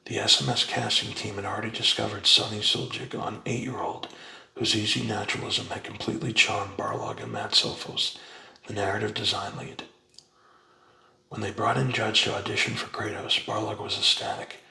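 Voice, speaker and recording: A man reads aloud in a hushed, unhurried ASMR whisper, his low voice heavily gravelly and sharp-edged. The sound is roomy, with a noticeable echo around it. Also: flat delivery. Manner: soft, unhurried whispered reading. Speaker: ASMR reader. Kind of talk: whispered ASMR book reading.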